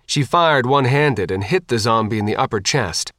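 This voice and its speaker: A man's voice: mid-range voice, dry recording. Man narrating an audiobook, dry and close. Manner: even, measured storytelling.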